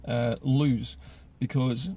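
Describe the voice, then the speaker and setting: A man's voice: medium pitch, steady tone, extremely slow, dark tone. A man giving solo political commentary in an earnest way, often repeating words as he gathers his thoughts.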